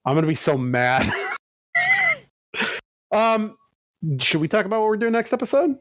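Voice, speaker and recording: A man co-hosting a gaming podcast rants with bursts of excitement and plenty of swearing. His voice sits fairly high for a man. The recording is close and dry. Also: normal speed, no echo. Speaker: podcast co-host. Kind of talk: casual chat.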